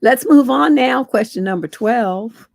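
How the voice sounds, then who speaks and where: A woman's voice: on the high side, unhurried, gravelly, dry recording. Blunt, salty woman advice coach. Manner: blunt, scolding, salty, rhetorical questions. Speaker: relationship coach. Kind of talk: livestream advice show, reading letters.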